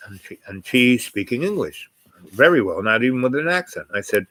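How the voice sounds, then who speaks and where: A man in his eighties casually telling a long personal story, rambling and halting with many fillers and restarts. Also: mid-range voice, big pitch swings, a bit bright. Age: 80s.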